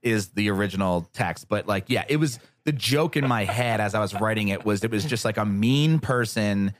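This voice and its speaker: A man recounts his projects as a guest in a casual interview, getting fired up and swearing freely as he acts out other people's lines. His voice sits at an ordinary pitch, and the recording is close and dry, with no room sound. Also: normal speed, dry recording. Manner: animated, profane, acts out quoted voices. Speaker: podcast guest.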